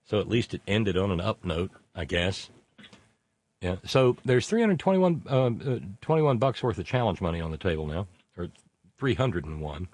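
A man's voice: sits low, sing-song, normal speed, a little mellow, no echo. A man hosting a casual political talk show, reading out listener messages in a rambling, sardonic way with many fillers.

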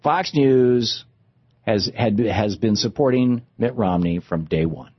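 A man's voice: fairly low pitch, slow pace, husky, no room sound, lo-fi sound. A man hosting a political talk show, ranting with sarcastic indignation. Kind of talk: political commentary rant.

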